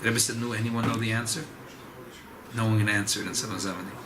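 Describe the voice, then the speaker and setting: A man teaching an informal Torah class as a rabbi, animated and emphatic. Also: quick pace, background noise. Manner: animated, rising pitch on emphasis, Yiddish and Hebrew terms mixed in.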